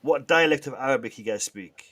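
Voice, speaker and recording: A man hosting a casual live stream, bantering with the chat in a lively way and often restarting his sentences. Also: mid-range voice, fairly quick. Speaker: livestream host.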